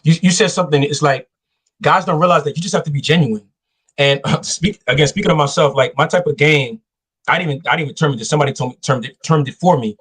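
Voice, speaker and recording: This man hosts a live talk show, handing out casual dating advice and acting out quoted voices as he tells stories. His voice sits on the high side, fast, a bit bright and husky.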